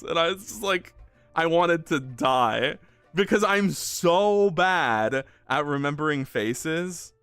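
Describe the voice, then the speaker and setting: A man's voice: fairly high pitch, lively intonation, slow pace, a bit bright, clean tone, no echo, faint music behind. A man streaming a game, chatting casually in a rambling, self-deprecating way and swearing freely.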